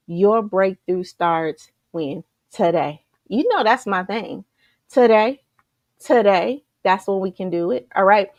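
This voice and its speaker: Woman, motivational coach, energetic, rhetorical questions, raspy fry in the voice, dry room. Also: lowish voice, dry recording, lo-fi sound. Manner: energetic, repetitive, rhetorical questions, keeps saying "you guys". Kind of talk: live motivational talk to an online group.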